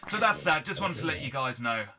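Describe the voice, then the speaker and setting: A man's voice: a little high, animated, a little fast, background noise, lightly acted. A man doing a put-on accented persona, commenting on gameplay in an upbeat, exclamatory, rambling way. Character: chirpy adult male show persona with put-on accent.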